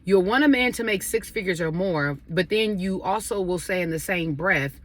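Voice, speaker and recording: A woman's voice: lowish voice, moderate pace, hardly any pauses. A woman chatting casually to her viewers while eating a meal, giving relationship advice. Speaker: vlogger sharing advice. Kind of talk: casual chat over a meal.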